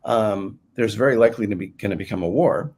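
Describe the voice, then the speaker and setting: Man, low voice, interview guest, rambling, full of fillers. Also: brisk, a little mellow, slightly rough. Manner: rambling, many fillers and restarts. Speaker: guest author. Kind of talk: casual interview talk.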